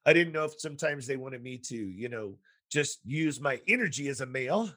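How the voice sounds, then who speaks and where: Speaking fairly quickly in a mid-range voice, this male podcast host, also a school counselor, chats easily with his guest. His storytelling is animated and full of quotes performed in character.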